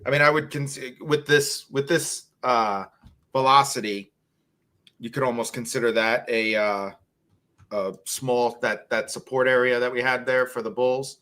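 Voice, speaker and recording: A man's voice: mid-range voice, fairly even intonation, a little slow, sharp tone. A man hosting a casual trading live stream over a video call, rambling and thinking aloud as he shares his screen. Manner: rambling, self-mocking, thinks aloud while sharing screen. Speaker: host.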